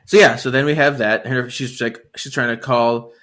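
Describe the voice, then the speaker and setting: A man co-hosting a podcast, casually recapping a novel and acting out the characters' lines with quick laughs. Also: mid-range voice. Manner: animated retelling, acts out characters' lines with laughs. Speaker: podcast co-host. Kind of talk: casual book-recap chat.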